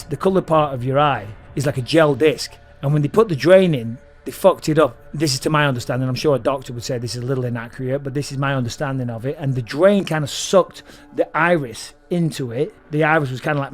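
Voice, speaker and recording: A man, a podcast guest telling a story casually, swearing freely and acting out the lines of the people in it. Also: fairly high pitch. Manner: profane, animated storytelling with acted-out quotes.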